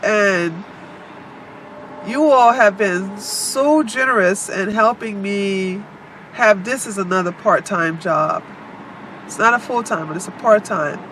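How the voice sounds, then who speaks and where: A woman's voice: medium pitch, a bit bright, slight background noise. A woman from the United States, delivering a blunt, profane vlog monologue. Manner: blunt, heavily profane, emphatic. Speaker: vlogger.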